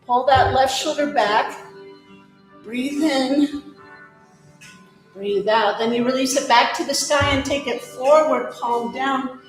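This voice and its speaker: A woman guides a yoga class in slow, gentle, encouraging cues, pausing for breaths. Her voice sits a little high. The sound is very echoey, with music playing underneath. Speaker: yoga instructor.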